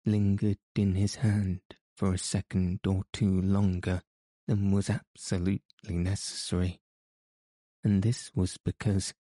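Solemn, measured male narrator for a classic novel; deep, unhurried, steady. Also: dry recording. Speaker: audiobook narrator.

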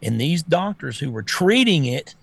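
A man's voice: a little high, very animated, moderate pace, creaky, fairly bright tone, no room sound. A man co-hosting a casual talk show, blunt and exasperated, often stammering and restarting. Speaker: co-host.

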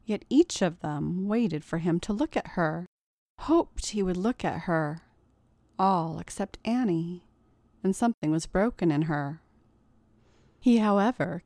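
A woman reads fiction aloud in a measured, deliberate voice. Her pitch is on the low side and her pace is very slow. The recording is dry, with no room sound. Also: darkish tone, dry recording. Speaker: story reader. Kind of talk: audiobook narration of erotic fiction.

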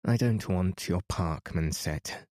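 A man voicing a proud, stern teenage girl who speaks loftily, in a slow bedtime reading. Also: low voice, a little mellow, no room sound, studio quality. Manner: stern and lofty.

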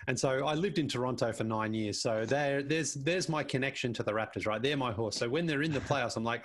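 A man's voice: medium pitch, a little fast, few pauses. Man telling stories with restarts. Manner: animated storyteller, frequent restarts and repeated words. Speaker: basketball show panelist as guest. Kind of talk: casual interview chat.

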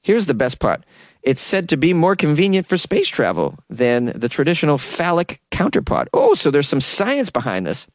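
A man's voice: fairly high pitch, wildly swooping pitch, normal speed, no room sound, clean studio sound. Man riffing sarcastically on odd news. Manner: sarcastic, riffing, laughs at own jokes. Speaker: comedy news host. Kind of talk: sarcastic comedic news commentary.

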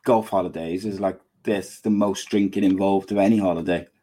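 A man's voice: deep voice, fairly even intonation, fairly quick, mellow. A man with a Welsh accent hosting a podcast, rambling and joking playfully. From Wales. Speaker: podcast host.

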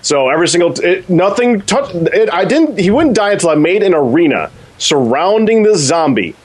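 Excitable rambling man, lively pitch. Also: moderate pace. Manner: rambling, restarts a lot, gets excited. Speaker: podcast co-host. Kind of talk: casual storytelling.

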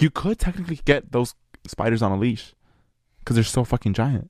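A man's voice: mid-range voice, expressive, brisk, darkish tone, dry recording, studio quality. A young man from California co-hosting a casual podcast chat, laughing often, swearing and saying "like" a lot. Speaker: podcast co-host.

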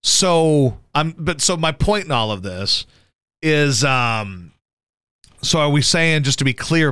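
A man hosting a radio show, chatting casually about sports in a profane, animated way and jumping into high yelps to mimic people. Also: slow, clean tone, dry recording, clean studio sound. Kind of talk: casual sports talk banter.

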